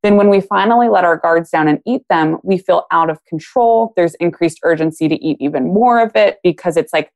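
A woman's voice: fairly low pitch, a little fast, few pauses, a little mellow. A woman talking casually on a podcast as a guest, explaining ideas with analogies and acted-out quotes.

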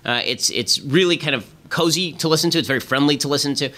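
A man hosting a political commentary podcast, talking in a fast, emphatic, sarcastic way. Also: on the high side, pushed and bright. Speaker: podcast host.

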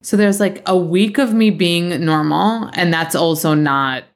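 A young adult woman hosting a podcast, chatting casually and telling dramatic, animated stories with some swearing. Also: fairly low pitch, measured pace. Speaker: podcast host. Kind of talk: casual chat.

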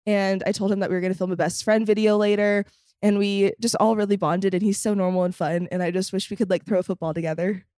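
A young woman in casual podcast chat, telling a story with lots of energy and acting out what people said. Her voice has a middle pitch and swings up high when she gets excited. The sound is close and dry. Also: quick pace, no room sound. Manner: animated storytelling, acts out quotes, laughs often. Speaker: podcast guest.

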